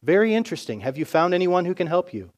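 A man voicing a kind, calm king who speaks softly and reassuringly. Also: high voice, fast, voice pushed up. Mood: gentle. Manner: soft, gentle, reassuring.

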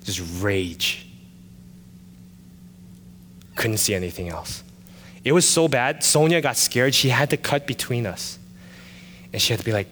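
A male pastor telling a personal story in a sermon, animated and shifting from loud excited retelling to quiet confession. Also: mid-range voice, moderate pace, big-room sound, a little hiss or hum.

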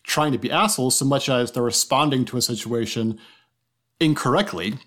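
A man's voice: medium pitch, brisk, fairly bright tone. A man co-hosting a podcast, musing aloud in casual chat, hesitant, with many fillers and tag questions. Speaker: podcast co-host.

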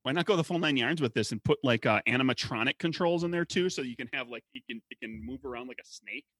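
A man's voice: medium pitch, quick pace, fairly bright tone, slightly rough, no echo. A man co-hosting a podcast in casual chat, joking around and spinning out absurd ideas. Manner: jokey, riffs on absurd ideas. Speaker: podcast co-host.

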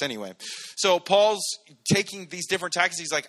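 Guy pastor giving a chatty sermon, bright voice, a bit high, does little voices for quotes. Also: lively intonation, fairly quick. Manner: casual, jokey, acts out quotes in voices. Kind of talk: conversational sermon.

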